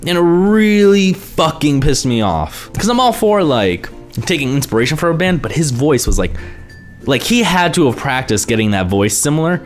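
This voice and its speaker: Animated profane young man ranting. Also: fairly high pitch, moderate pace, soft background music. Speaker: vlogger. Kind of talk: ranting vlog monologue.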